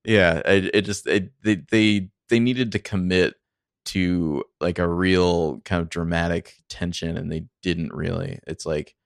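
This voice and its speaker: Very deep gravelly-voiced man. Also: fairly even intonation, unhurried, dry recording. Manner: wry, dry humor, repeats words. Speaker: podcast co-host. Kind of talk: casual film review chat.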